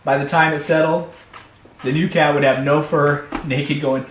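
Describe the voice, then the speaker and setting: A man telling a comic personal story in an animated, playful way, recorded in an echoey room. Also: a little high, normal speed. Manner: animated, playful, builds to shouts. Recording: echoey room, faint hum.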